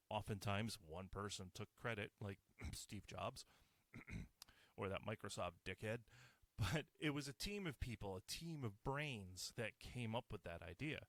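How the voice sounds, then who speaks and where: Male host, mid-pitched, profane ranting monologue. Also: fairly bright tone, no echo. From United States. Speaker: podcast host. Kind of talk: casual solo monologue.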